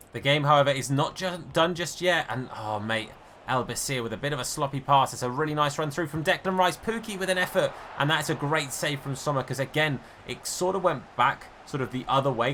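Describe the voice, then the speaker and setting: A man talks through his own football video game match as he plays it. His voice is bright and forceful. He is chatty and self-deprecating, and swings between excitement and disappointment. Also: medium pitch, a little hiss or hum. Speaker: gaming YouTuber.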